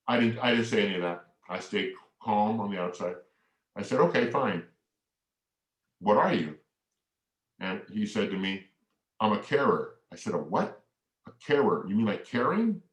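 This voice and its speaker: A man's voice: fairly low pitch, lively intonation, a little slow, pauses often. A middle-aged man gives a keynote talk in storytelling style, acting out both sides of remembered conversations. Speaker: keynote speaker. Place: large hall. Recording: echoey hall, mic far off.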